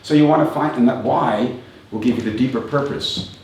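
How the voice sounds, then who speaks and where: A man's voice: mid-range voice, a little fast, a little mellow. A man in his fifties giving a reflective live talk as a coach, asking rhetorical questions and chuckling often. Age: 50s. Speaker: motivational speaker and coach. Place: event venue with a live audience. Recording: very echoey room, distant mic, faint noise.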